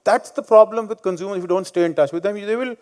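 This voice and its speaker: A high, fast voice with a darkish, clear and resonant tone belongs to a man in his fifties with an Indian English accent. Speaking at a conference venue in front of a live audience, he shares personal anecdotes in a blunt, combative, joking way.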